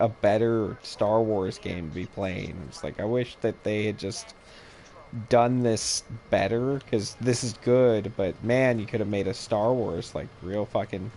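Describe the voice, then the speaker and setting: A man's voice: lowish voice, measured pace, warm tone, slight background noise. A young man in casual chat while gaming, telling a rambling, exasperated story full of swearing. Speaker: gaming channel co-host.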